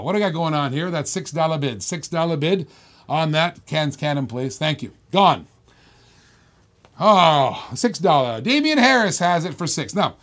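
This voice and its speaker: A man hosting a live-stream auction of toy cars, with brash, excitable salesman patter. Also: on the high side. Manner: rapid-fire salesman patter, loud and excitable; brash, boastful.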